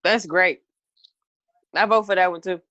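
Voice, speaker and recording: A woman's voice: on the low side, fairly even intonation, unhurried, fairly bright tone, lo-fi sound. A woman co-hosting a casual podcast chat, speaking in a blunt, laid-back banter. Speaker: podcast co-host.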